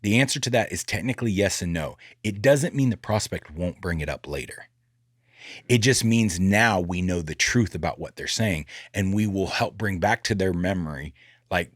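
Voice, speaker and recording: A man hosting a sales podcast in casual chat, animated and joking, acting out bits of dialogue. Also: deep voice, a little fast, no room sound, clean studio sound.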